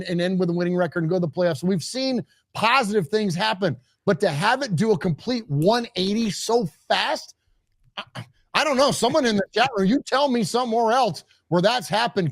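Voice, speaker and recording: A man co-hosting a live postgame sports show, talking with emphatic, excited fan energy and sounding out of breath. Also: sits high, dry recording, clean studio sound. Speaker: co-host.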